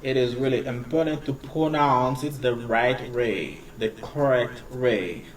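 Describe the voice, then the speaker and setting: Guy teaching english numbers, keeps switching languages, mic's a bit far off. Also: medium pitch. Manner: switches between English, French and Creole while explaining; slow, repeated pronunciation drills. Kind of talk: casual video lesson.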